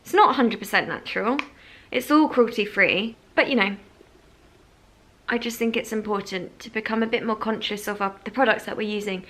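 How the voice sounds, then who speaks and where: A young woman, chatting casually through a makeup tutorial at home by a window, with lots of "like" and soft laughs. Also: on the high side. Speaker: beauty vlogger.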